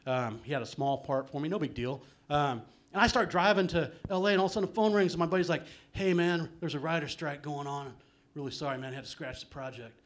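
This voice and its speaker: A middle-aged stand-up comedian with a slightly high voice performs a live set on a small club stage before an audience. He talks fast and rambles through self-deprecating stories, constantly tossing in "man" and "um."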